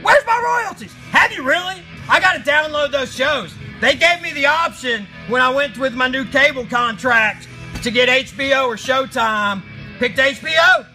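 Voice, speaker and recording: Very high, bright shouting male streamer. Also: normal speed, rough recording. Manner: loud shouting, crude and jokey, often roaring. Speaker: live stream host reading chat. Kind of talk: ranting live stream chat. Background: faint music playing.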